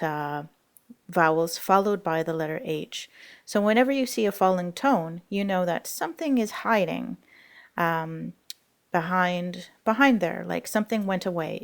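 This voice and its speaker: A woman's voice: lowish voice, moderate pace, gravelly, clear, resonant tone. A woman language teacher explaining grammar rules in a recorded lesson, patient and explanatory with frequent fillers.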